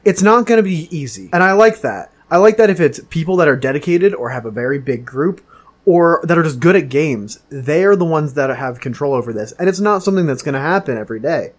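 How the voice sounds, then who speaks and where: Man, podcast co-host and game master, eager and rambling, pitch bouncing around. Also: animated, a little fast. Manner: enthusiastic, rambling with fillers. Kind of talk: casual gaming podcast chat.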